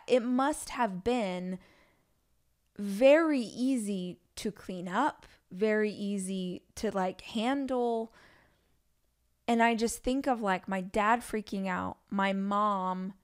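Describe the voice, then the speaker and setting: Smooth-voiced woman in her forties telling stories. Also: mid-range voice. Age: 40s. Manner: candid, chatty storytelling with asides. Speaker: podcast host. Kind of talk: solo podcast monologue.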